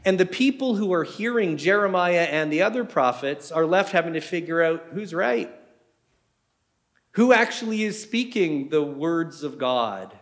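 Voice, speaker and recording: A man's voice: on the high side, lively intonation, unhurried, fairly bright tone. A man preaching a sermon in a conversational way, asking his listeners many rhetorical questions.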